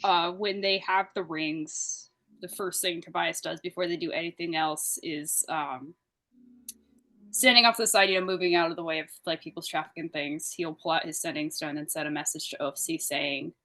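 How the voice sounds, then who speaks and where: A woman tabletop game player telling her scenes in an animated, giggly way. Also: deep voice, moderate pace. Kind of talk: casual play and chat.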